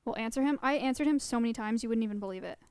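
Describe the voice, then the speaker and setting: A young woman with a slightly high, darkish, smooth voice races along as she live-streams on a close desk mic. She chats casually with her viewers in a rambling way and laughs often.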